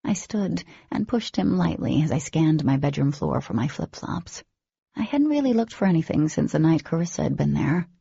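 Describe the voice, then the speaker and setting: A woman narrating an audiobook in first person, with an expressive reading and a husky, creaky voice. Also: low voice, normal speed, dry recording, muffled recording.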